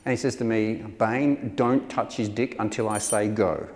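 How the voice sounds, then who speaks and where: A man's voice: on the low side, moderate pace, a little mellow. A man giving a public talk as a taxidermist, telling a wry, self-deprecating story. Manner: wry, self-deprecating, acts out quoted voices. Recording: hall reverb with faint ambience.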